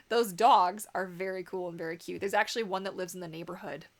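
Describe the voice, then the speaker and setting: A woman's voice: mid-range voice, very animated, moderate pace, fairly bright tone. A young adult woman with a Canadian accent, hosting a casual livestream and chatting with viewers in a giggly way full of fillers. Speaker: livestream host. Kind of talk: casual livestream chat reading comments.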